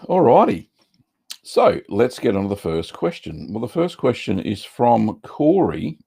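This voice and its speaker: A middle-aged Australian man hosting a casual livestream chat, relaxed and rambling with lots of ums and uhs. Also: mid-range voice, unhurried, gravelly, breathy edge. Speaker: cheese-making livestream host.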